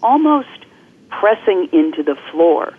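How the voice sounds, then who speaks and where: A woman guest coach explaining things clearly and articulately in an interview, speaking over the phone. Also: fairly low pitch, very animated, measured pace. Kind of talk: interview on a podcast. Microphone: telephone. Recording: phone-line call-in audio.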